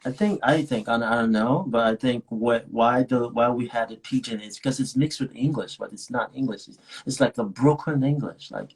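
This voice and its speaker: A man's voice: mid-range voice, moderate pace, few pauses, husky, rough recording. A man from Nigeria, an actor being interviewed over a video call, talking casually and rambling with many restarts and laughs. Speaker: actor guest.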